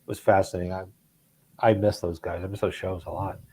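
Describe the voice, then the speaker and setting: A man's voice: sits low, level tone, brisk, a crowd in the background. A man in casual chat with friends, telling stories with a chuckle, a new dad in his thirties. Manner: storytelling, chuckling.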